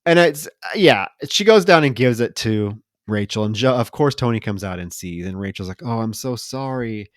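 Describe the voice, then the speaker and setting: A man's voice: on the low side, animated, moderate pace, hardly any pauses, dry recording, studio quality. A man co-hosting a podcast, retelling a film's plot casually with mocking, profane asides. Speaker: podcast co-host.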